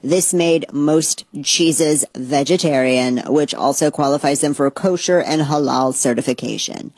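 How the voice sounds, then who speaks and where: A vlogger putting on a flat dry robot voice. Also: medium pitch, a little slow, breathy edge, no room sound, pitched below the performer's own voice. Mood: dry monotone.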